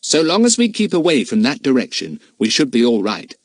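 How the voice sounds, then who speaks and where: A man voicing a sensible young boy who leads the group in a calm, decisive way. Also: mid-range voice, brisk, dry recording, clean studio sound, pitched above the performer's own voice.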